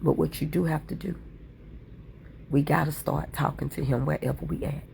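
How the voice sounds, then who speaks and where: A woman's voice: low-pitched, fairly even intonation, normal speed, vocal fry, a little mellow, a little hiss or hum. A woman livestream host talking in a fervent, preachy way, repeating her points over and over. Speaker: livestream content creator. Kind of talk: impassioned livestream talk.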